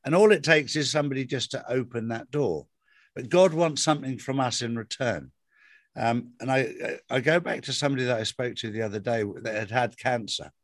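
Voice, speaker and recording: This is a man's voice at a middle pitch, recorded close with a dry sound. He tells personal stories in an easy conversational way. He repeats key words and phrases for emphasis. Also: a little fast, no echo. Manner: storytelling, emphatic repetitions. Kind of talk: casual faith conversation.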